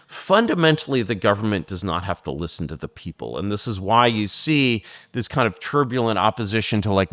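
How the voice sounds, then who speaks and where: Interview guest, man, low smooth voice, digressive and filler-heavy, dry close sound. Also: fairly bright tone, no echo. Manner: rambling, digressive, many fillers. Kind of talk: political interview.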